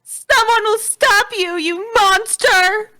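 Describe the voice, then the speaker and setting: A man voicing a grief-stricken, defiant young female cat in a shrill falsetto for a live comedic fanfic reading. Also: extremely slow, fairly bright tone, full character voice.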